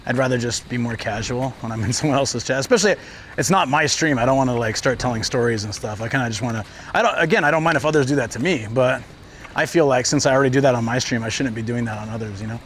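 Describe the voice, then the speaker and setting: Fast and a bit bright, this medium-pitched man's voice carries a casual livestream recorded while he strolls city streets. Traffic and city sounds surround his rambling, filler-heavy stories.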